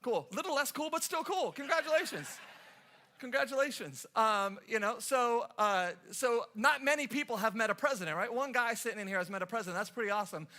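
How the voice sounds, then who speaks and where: Before his congregation, this Los Angeles-area pastor delivers a sermon in an extremely high, pushed and bright voice with lively intonation and a brisk pace. He jokes around, teasing the churchgoers playfully and telling stories.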